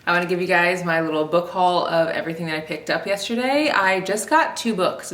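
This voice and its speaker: A woman's voice: lowish voice, fairly bright tone, echoey room. Rambling chatty young woman. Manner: chatty, rambling, heavy use of "like". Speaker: book vlogger. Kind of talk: casual chat to camera.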